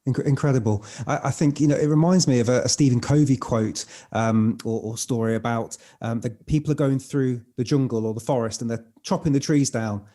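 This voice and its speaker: Man, podcast host, mellow tone, mid pitch, attentive interviewer. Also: brisk, hardly any pauses. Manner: attentive, frequent soft backchannels. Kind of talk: interview conversation.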